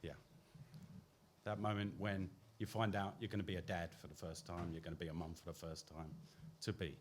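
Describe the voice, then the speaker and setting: A man reading his own poems on a podcast, soft and reflective, with halting restarts between pieces. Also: low voice, flat delivery, a little hiss or hum. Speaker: poet guest on a podcast.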